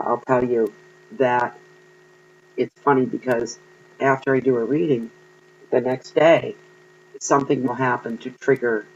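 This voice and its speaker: A man's voice: medium pitch, muffled recording, slight background noise. Earnest man giving a tarot reading. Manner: earnest, encouraging, with frequent ums. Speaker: tarot card reader. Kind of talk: spiritual tarot reading to viewers.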